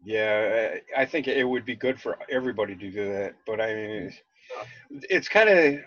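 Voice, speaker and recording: A man from Minnesota with a Minnesota accent, rambling in casual chat as a podcast host, halting and restarting often. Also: fairly low pitch, animated, a bit bright, no room sound. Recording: dull lo-fi dry sound.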